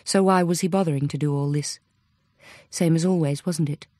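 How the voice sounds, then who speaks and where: A woman reads an audiobook in a measured, even way. Her voice sits low. The recording is close and dry. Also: no room sound. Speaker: audiobook narrator. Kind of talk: audiobook narration.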